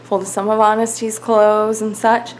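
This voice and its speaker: A woman's voice: mid-range voice, flat delivery, measured pace, a little hiss or hum, low-quality recording. Young woman vlogger, chatty and rambling, talks to a handheld camera at home, mid-range voice. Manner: chatty, rambling, laughs often. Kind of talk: casual daily vlog narration. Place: home kitchen.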